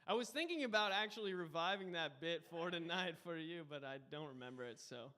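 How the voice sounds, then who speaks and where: A man's voice: fairly high pitch, animated, fairly quick, pushed and bright. A man guest hosting a live comedy show, doing a loose, rambling stand-up set. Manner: loose, rambling, says dude a lot.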